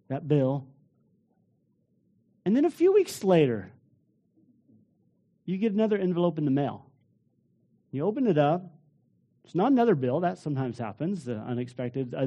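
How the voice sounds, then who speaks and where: A man preaching a sermon as pastor, acting out everyday scenes and swinging from hushed to loud. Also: a little high. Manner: acts out little scenes in different voices, swings from hushed to loud.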